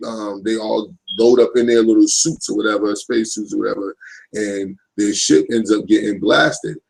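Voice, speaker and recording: A man in his thirties talks through a casual live stream with a gravelly, fried voice. His pitch sits fairly low. He rambles, swears freely, and keeps checking in with his listeners. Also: a little mellow, poor audio. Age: 30s. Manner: rambling, profane, keeps asking "you know what I'm saying". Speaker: livestream host.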